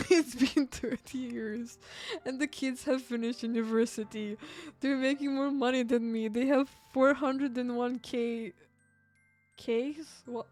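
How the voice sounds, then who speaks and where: A woman's voice: a little high, fairly even intonation, takes it slowly, soft background music. Laughing, exasperated woman streamer. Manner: exasperated, laughing, pleading with chat. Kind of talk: live game commentary.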